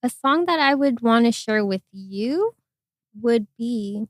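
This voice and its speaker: A woman's voice: on the high side, animated, slow, dry recording, studio quality. A young woman hosting a casual interview podcast, encouraging her guest, with many "um" and "like" fillers. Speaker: podcast host.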